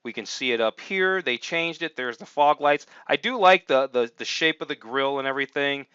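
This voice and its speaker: Chatty man, smooth voice, dull dry recording. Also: mid-range voice, expressive, normal speed, pushed and bright, no room sound. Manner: chatty and upbeat, thinking aloud with many fillers. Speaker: car review host. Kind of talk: casual screen-share review commentary.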